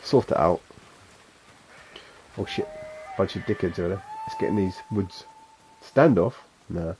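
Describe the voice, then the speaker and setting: A man's voice: low-pitched, measured pace, darkish tone, a little hiss or hum. A man with a Suffolk accent chatting casually and rambling as he streams a game, chuckling to himself. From England. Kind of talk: casual gameplay chat.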